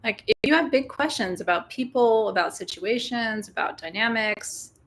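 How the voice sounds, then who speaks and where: Indoors, with sage burning, a spiritual teacher hosts a live-streamed full moon ritual, chatting casually with her viewers and joking and laughing often. Her voice is fairly high with lively intonation at normal speed, and the recording carries a little hiss or hum.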